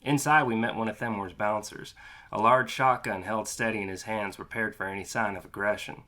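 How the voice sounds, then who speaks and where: A man's voice: lowish voice, a little fast. Man narrating an audiobook. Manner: steady, matter-of-fact, casually profane. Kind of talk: first-person audiobook narration.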